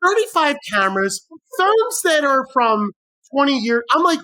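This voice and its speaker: A woman co-hosting a podcast, telling a story with animated, sweary acted-out quotes. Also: high-pitched, moderate pace. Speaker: podcast co-host. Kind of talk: casual chat, storytelling.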